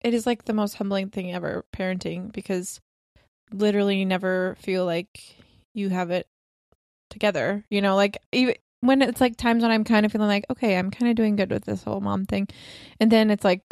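A woman's voice: medium pitch, fairly even intonation, a little fast, creaky, a little mellow, no room sound. Woman in her twenties, podcast co-host, casual rambling chat, many fillers, dry close sound. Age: 20s. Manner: chatty, lots of "like" and laughs.

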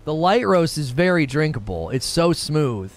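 A man's voice: fairly high pitch, sing-song, normal speed. Upbeat man hosting a live stream. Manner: upbeat, thanks viewers by name. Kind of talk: casual chat reading viewer comments.

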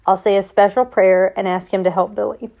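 A woman voicing a devout, solemn farming father who talks in a calm, earnest way, in a plain reading of a storybook. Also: medium pitch, brisk, gravelly, lo-fi sound, close to an everyday voice.

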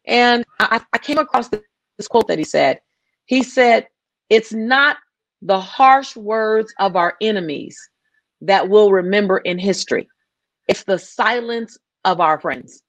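A female director, guest in an interview conversation, speaks in a mid-range voice, animated but a little slow. She's earnest and passionate, with emphatic delivery, false starts and restarted, repeated phrases. The recording is dry with no room sound.

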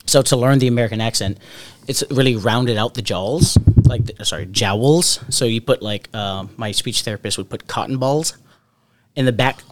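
A man's voice: mid-range voice, fairly quick. A man co-hosting a podcast in casual, profane, joking chat, rambling and restarting his sentences. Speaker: podcast co-host.

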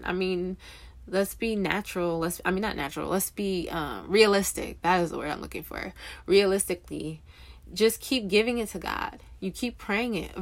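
A young woman giving casual, earnest faith encouragement, rambling a little and correcting herself as she goes. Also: medium pitch. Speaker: Christian encourager speaking to waiting spouses.

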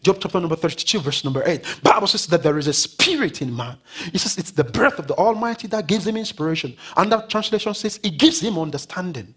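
A male pastor preaching a sermon in a church, swinging from loud declarations to hushed, whispered words. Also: high voice, lively intonation, fast, breathy edge. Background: faint keyboard music.

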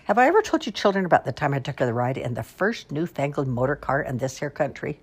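A woman's voice: extremely low pitch, fast, slightly rough, exaggerated voice. A woman doing a boastful old great-aunt. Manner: boastful, folksy, building excitement. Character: boastful elderly great-aunt, a crowing storyteller.

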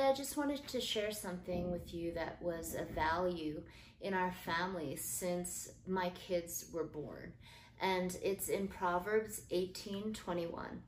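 Gentle, sincere middle-aged mom host; phone-mic sound, echoey room, light hiss. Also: female voice, medium pitch. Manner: earnest, gentle, with soft fillers and restarts. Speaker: podcast host. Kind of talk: casual faith-based parenting talk. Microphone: built-in phone mic. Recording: roomy phone recording with faint noise.

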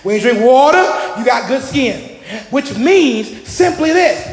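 A man preaching a lively sermon to a congregation, energetic and joking, often shouting out to the room. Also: very high-pitched, unhurried, soft background music. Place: church hall. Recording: echoey hall with long reverb.

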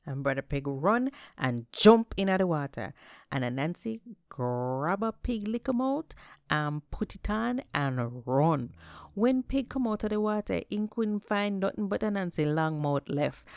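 Jamaican woman telling folktales, lively, lowish smooth voice, dry close mic. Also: unhurried, dry recording. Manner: lively, animated narration. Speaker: storyteller. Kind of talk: folktale storytelling.

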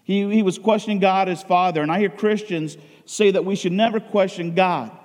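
A man's voice: high voice, fairly even intonation, normal speed. Male preacher, raised tone, dramatic swings from cries to near-whispers, long church reverb. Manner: swings between loud emotional outcries and hushed intensity. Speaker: pastor. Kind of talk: sermon.

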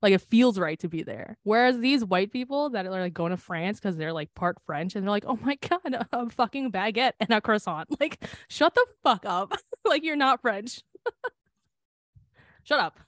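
A woman's voice: medium pitch, a little slow, no room sound. Young woman co-host, laughing and swearing, dry close recording. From Philippines. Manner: laughing often, swearing freely, animated. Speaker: podcast co-host. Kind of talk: casual chat.

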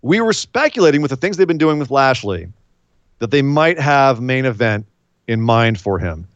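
A man chatting casually as a podcast host, his pitch swinging widely as he talks, often breaking into laughter between quick asides. The sound is dull and lo-fi, with a dry, close feel and no room echo. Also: sing-song. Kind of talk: casual wrestling chat.

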